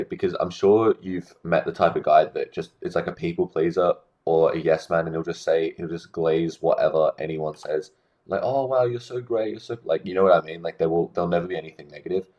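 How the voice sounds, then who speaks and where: A young man with a very deep voice talks casually about social skills, full of fillers and restarts. The recording is slightly dull and muffled. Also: steady tone, brisk, hardly any pauses, darkish tone. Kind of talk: casual talking-head advice monologue.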